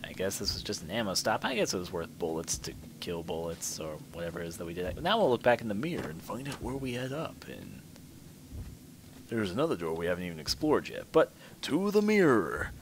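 A man's voice: deep voice, very animated, a little fast, background noise. Man musing over a horror game. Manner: reads game text aloud, musing to himself. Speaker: let's play commentator. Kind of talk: gameplay commentary. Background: game music.

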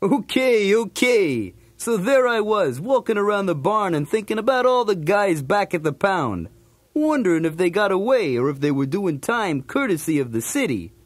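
High, bouncy, streetwise cartoon dog narrating a toy story tape; dry close sound. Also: male voice, very animated, normal speed, no echo. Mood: breezy. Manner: jokey, streetwise, punning. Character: cool wisecracking male cartoon dog.

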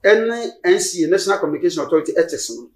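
A man's voice: sits high, lively intonation, very fast. An older man with a Ghanaian accent, a church elder answering interview questions in an emphatic, preacherly way, slipping into English phrases. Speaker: church elder and spiritual leader, guest. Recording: roomy studio sound.

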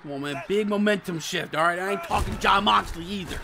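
A man doing casual, slangy commentary over a football video game, muttering low one moment and shouting with excitement the next. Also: fairly quick, vocal fry, noisy background. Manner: casual slangy trash talk. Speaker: gaming channel host. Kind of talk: live gameplay commentary.

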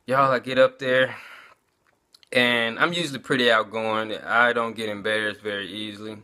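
Guy telling his faith testimony, chatty, bright voice, keeps saying y'all. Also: fairly low pitch, fairly even intonation, normal speed. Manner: conversational, keeps addressing listeners as y'all. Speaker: vlogger giving a testimony. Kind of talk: casual personal testimony.

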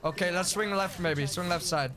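A young man streaming a competitive shooter game, firing off terse, rapid callouts to his team and humming to himself between fights. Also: high voice. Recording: game gunfire over the voice. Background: game gunfire and effects.

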